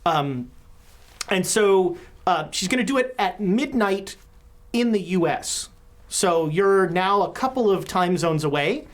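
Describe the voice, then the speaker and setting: A woman's voice: on the low side, expressive, slow. A woman running a tabletop horror game as game master, chatty and full of joking asides.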